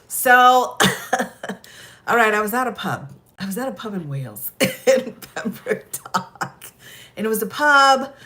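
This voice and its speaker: A middle-aged woman with an American accent holds the floor in casual chat. She laughs often, her voice sitting at an ordinary mid pitch as she animatedly tells her tales. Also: a bit bright. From United States. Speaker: host.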